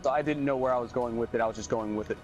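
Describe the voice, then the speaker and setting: A man's voice: medium pitch, rapid-fire, dull audio, faint music behind. A man in casual chat, rambling with many restarts, laughing and swearing. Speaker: podcast co-host.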